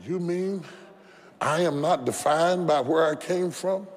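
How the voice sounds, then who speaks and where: A man preaching a sermon as a bishop, impassioned, building to shouts and having the congregation repeat phrases after him. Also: a little high, slow. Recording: reverberant hall with faint background noise.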